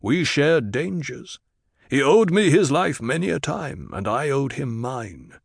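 A man voicing a stern male desert tribal leader in an audiobook reading, speaking in a formal, measured way. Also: medium pitch, very animated, creaky, breathy edge, no echo, clean studio sound, exaggerated voice. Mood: earnest.

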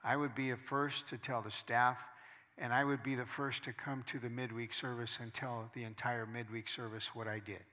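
A male pastor preaching a sermon, moving between quiet storytelling and loud, emphatic preaching. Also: medium pitch, little pitch movement, moderate pace, big-room sound.

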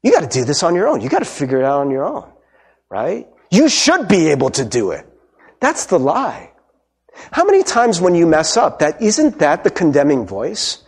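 A male pastor delivers a casual, conversational sermon. His voice sits high and swings widely in pitch. He keeps asking the congregation "right?" as he goes. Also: wildly swooping pitch, normal speed, breathy edge. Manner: conversational, asks "right?" often.

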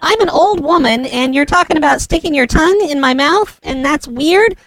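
A man's voice: very high voice, lively intonation, moderate pace, fairly bright tone, no echo, pitched above the performer's own voice, heavily acted. A man using a voice changer to play a prim old woman who scolds and mocks a caller. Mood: scolding.

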